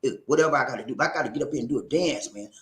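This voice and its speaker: His mid-range voice comes out rapid-fire as he reads viewer comments on a casual livestream. He's animated and preachy, often laughing and repeating phrases, and the sound is roomy.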